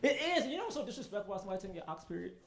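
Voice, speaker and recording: A young man performing a stand-up comedy set, telling profane, animated stories with quick asides to the audience. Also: high-pitched, creaky. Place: comedy stage in front of a live audience.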